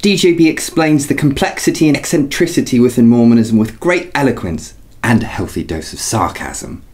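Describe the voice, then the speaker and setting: A man's voice: mid-range voice, lively intonation, brisk, a little mellow, voice pushed up, natural voice. A man reading a listener review aloud in a put-on British accent, nervous and self-mocking about the attempt. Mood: mock-formal.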